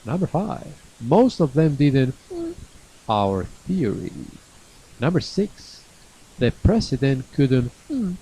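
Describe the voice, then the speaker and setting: A man teaching a live online English lesson from an academy classroom, repeating each phrase slowly and stretching key words. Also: medium pitch, mellow, breathy edge, low-quality recording.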